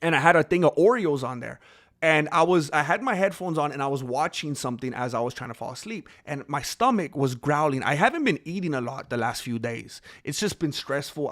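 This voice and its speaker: A man talks to his viewers on a live stream in a loose, rambling way, stopping and restarting his sentences and breaking into laughs. His voice sits a little high for a man. He thanks supporters and drifts into everyday stories. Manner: animated, rambling, laughs a lot, many restarts. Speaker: streamer reading out donations. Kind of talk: casual live-stream chat.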